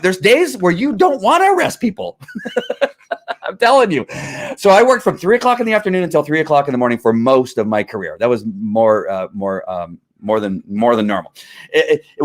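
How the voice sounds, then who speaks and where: A middle-aged man, a former police officer, riled up and ranting in heated commentary, full of restarts. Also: on the high side. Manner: riled up, animated, talks over himself with restarts.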